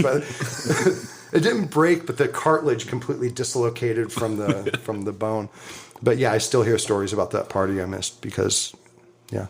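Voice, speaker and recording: A man's voice: lowish voice, moderate pace, vocal fry. A middle-aged man from Southern California, co-hosting a podcast and telling a wild story with frequent laughter and plenty of swearing. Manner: animated, laughs often, swears freely. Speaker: podcast co-host. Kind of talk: casual storytelling.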